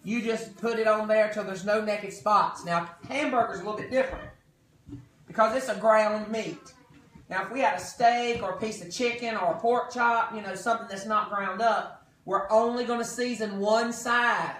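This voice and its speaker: A man's voice: high-pitched, fairly even intonation, moderate pace, fairly bright tone, echoey room, far from the mic, rough recording. A man giving a chatty, joking cooking demonstration to guests in a kitchen. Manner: folksy, jokey, chatty with guests. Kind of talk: live kitchen product demo.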